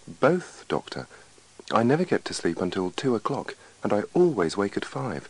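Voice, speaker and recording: A man's voice: lowish voice, big pitch swings, moderate pace, darkish tone, slightly rough, full character voice, rough recording. A man voicing an anxious, overworked male patient in a scripted dialogue reading, with a worried, pleading manner.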